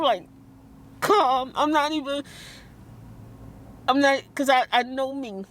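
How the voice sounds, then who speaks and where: A woman vlogging in a heated, tearful rant, talking fast and quoting others. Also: sits high, fairly bright tone, a little hiss or hum. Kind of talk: emotional vlog rant.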